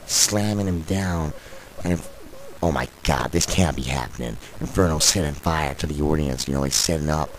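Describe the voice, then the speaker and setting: A man doing play-by-play commentary of a wrestling show, opinionated and excitable, openly taking sides. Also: rumbling low, moderate pace, background noise. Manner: opinionated, excitable, biased toward one wrestler, mock-fearful outbursts. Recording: music playing behind.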